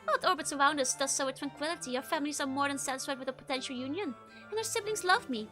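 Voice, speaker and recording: A woman's voice: high-pitched, racing, pushed and bright, soft background music. A woman voicing a handsome, hot-tempered young nobleman who speaks in archaic, courtly thee-and-thou phrasing. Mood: earnest, courtly.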